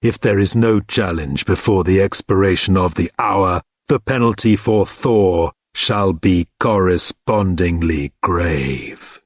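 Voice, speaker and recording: A man voicing a solemn herald of the ancient gods, proclaiming slowly and gravely from a high balcony in an audiobook. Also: dry recording, studio quality.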